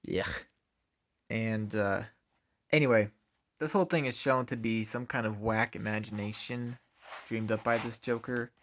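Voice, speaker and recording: Male comic reviewer, lowish pitch, casual and halting. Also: fairly even intonation, fairly bright tone, a little hiss or hum. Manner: hesitant, many ums and uhs.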